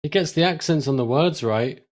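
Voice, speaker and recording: A man making quick jokes in a casual podcast film commentary. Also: on the high side. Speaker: podcast co-host.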